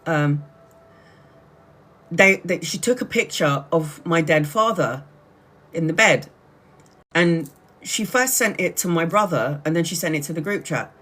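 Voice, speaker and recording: A woman's voice: deep voice, expressive, unhurried, pauses often, a bit bright. Chatty woman hosting a live stream. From Brazil. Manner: chatty, laughs often, talks in restarts. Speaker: tarot reader livestream host. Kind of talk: casual livestream chat.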